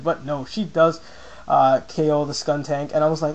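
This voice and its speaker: A young man with a slightly high voice for a man gives loose, casual commentary on a game battle he played, speaking briskly. He keeps leaping into excited, squeaky asides when quoting his own reactions, and the highs in the audio are cut off.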